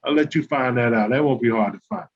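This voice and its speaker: Older husky man ranting emphatically. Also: medium pitch, fast. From New Jersey. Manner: emphatic, repetitive, aggrieved ranting. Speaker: former pro basketball player and coach. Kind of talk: heated guest monologue. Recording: dull lo-fi call audio.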